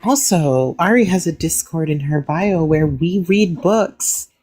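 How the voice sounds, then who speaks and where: Woman moderator, friendly announcer, very low voice. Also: measured pace. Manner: friendly, relaxed reminders to viewers. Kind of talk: casual announcements.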